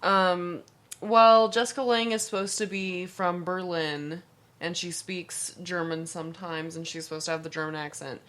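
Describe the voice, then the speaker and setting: Blunt low-voiced woman. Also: steady tone, normal speed, a bit bright. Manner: blunt, swears freely. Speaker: podcast co-host. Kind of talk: casual chat.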